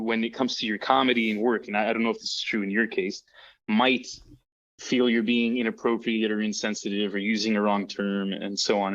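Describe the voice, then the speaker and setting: A man's voice: lowish voice, a bit bright, dull audio. A man hosting a podcast, asking long, thoughtful questions padded with fillers and hedges. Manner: thoughtful, hedging with many fillers. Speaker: podcast host. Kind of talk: interview questions.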